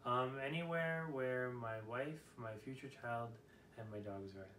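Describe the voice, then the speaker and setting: A young man answering interview questions casually, with joking deadpan quips. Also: medium pitch, normal speed, distant mic, a little hiss or hum. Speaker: interviewee, dancer. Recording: roomy and off-mic.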